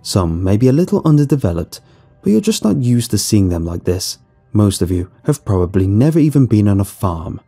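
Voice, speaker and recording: Sarcastic male teacher, commanding and dry, low husky voice, a man reading it out. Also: big pitch swings, a little fast, mellow, soft background music, exaggerated voice. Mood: strained. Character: sarcastic male schoolteacher, middle-aged.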